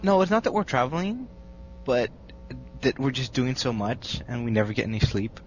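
A laid-back young man with a stuffy nose teases himself and laughs easily, his pitch swinging all over. The recording is dull and lo-fi, with a faint hum. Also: big pitch swings, moderate pace. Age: young adult. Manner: laid-back and self-mocking, laughs often. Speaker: podcast co-host. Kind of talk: casual group chat over mics.

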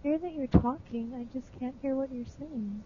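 A woman's voice: high-pitched, brisk, warm tone. A young woman joining a casual podcast chat, playful and complaining. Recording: thin phone-like line with hum.

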